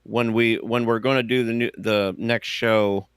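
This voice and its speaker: A man from the United States hosting a casual livestream chat, rambling and halting with many fillers. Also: mid-range voice, fairly even intonation, clean tone, no echo, clean studio sound. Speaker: podcast host.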